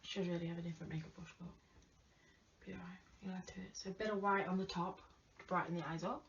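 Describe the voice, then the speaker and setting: A woman chatting casually to viewers during a makeup tutorial, often dropping to soft murmurs. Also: fairly low pitch, fairly even intonation, quick pace. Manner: chatty, talks to viewers while applying makeup, drops to murmurs. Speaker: makeup vlogger. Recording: distant lo-fi home recording with faint hiss.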